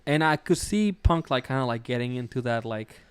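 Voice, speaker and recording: A man's voice: medium pitch, animated, a little fast, smooth, dry recording. Laid-back male podcast host, dry sound. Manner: loose, laughing often, many fillers. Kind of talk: casual chat.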